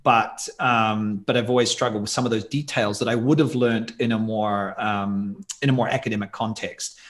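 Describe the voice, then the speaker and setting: A man's voice: on the low side, fairly even intonation, normal speed. A man talking in a casual podcast interview as a guest, thoughtful and rambling with many asides.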